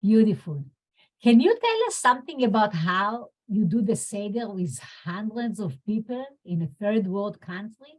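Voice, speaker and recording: A woman's voice: mid-range voice, big pitch swings, normal speed, a little mellow. Admiring woman host. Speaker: program host asking questions. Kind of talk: warm interview questions.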